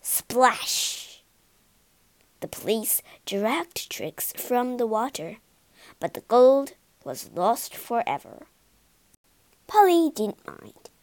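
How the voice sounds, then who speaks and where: A woman narrating a children's storybook for learners, expressive and clear. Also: a little high, slow pace, dry recording.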